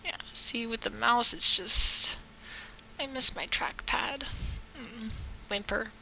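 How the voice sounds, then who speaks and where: A woman's voice: fairly high pitch, slow, vocal fry, sharp tone, dull audio, slight background noise. A woman giving a casual live-stream tutorial on digital art, rambling, joking and correcting herself as she chats with viewers. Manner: rambling, jokey, self-correcting, talks to chat.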